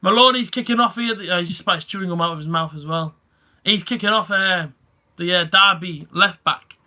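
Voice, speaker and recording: A man's voice: high-pitched, brisk, bright, forceful tone. A young man giving casual live football reaction commentary, rambling and chatty with his viewers and livening up at big chances. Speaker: live match reaction streamer.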